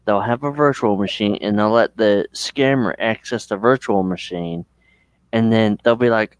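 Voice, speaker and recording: A man's voice: lowish voice, moderate pace, clean tone, no echo. A man from the United States chatting casually and rambling, swearing freely. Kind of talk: casual chat.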